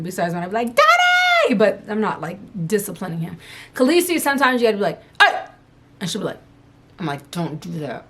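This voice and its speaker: Frank, chatty young mom. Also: female voice, medium pitch. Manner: frank, candid, loose and chatty. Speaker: mom vlogger answering viewer questions. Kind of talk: casual chat. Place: at home.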